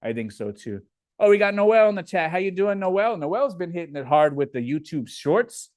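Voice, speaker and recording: A man's voice: high voice, very animated, fairly quick, a little mellow, no echo. A man from Indiana, hosting a casual live Q&A and reading viewer comments aloud before answering them. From Indiana, USA. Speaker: livestream host.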